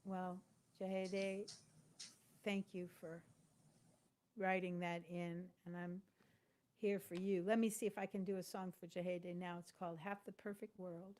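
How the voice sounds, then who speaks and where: A woman singer chatting softly and hesitantly between songs during a live stream, with many fillers. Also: lowish voice, level tone, a little slow, pauses often, slight background noise. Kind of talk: casual chat between songs. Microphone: home live stream setup. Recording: guitar accompaniment throughout.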